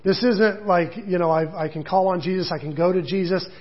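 High-voiced husky male pastor preaching. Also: brisk, muffled recording. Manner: conversational, with casual asides and quoted voices. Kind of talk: sermon.

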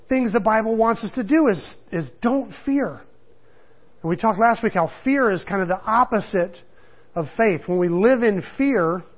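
A man's voice: sits high, slightly rough. A middle-aged man teaching a casual Bible study, conversational, chuckling and acting out the quotes he tells. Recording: dull lo-fi recording.

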